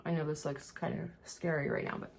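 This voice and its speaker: A woman's voice: low-pitched, wildly swooping pitch, fairly quick, creaky, a little hiss or hum. A woman vlogger chatting casually as she gets ready, rambling with lots of fillers and struggling a little to enunciate words. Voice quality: rambling, many fillers and restarts. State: having trouble enunciating. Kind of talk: casual chat while getting ready.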